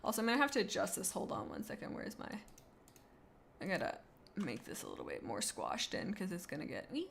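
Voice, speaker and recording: A young adult woman streaming, chatting casually in a rambling, excitable way as she gushes about cute animals. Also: on the low side, a little fast, creaky, slight background noise. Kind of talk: casual livestream chat.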